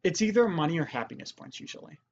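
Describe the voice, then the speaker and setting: A woman's voice: sits low, animated, fast, gravelly, darkish tone, slight background noise. Chatty lady doing a let's play, explains stuff, giggles, muffled mic. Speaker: channel host. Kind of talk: casual let's-play commentary. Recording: slightly muffled home recording.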